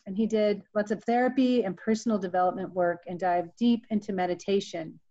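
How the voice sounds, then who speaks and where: A woman with a warm, mellow voice moderates a panel discussion and introduces the next speaker. She sounds friendly and relaxed. Her audio is dull and lo-fi, as on a video call. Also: mid-range voice, brisk, a little hiss or hum. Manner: friendly, reads introductions, laughs easily. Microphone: video call mic.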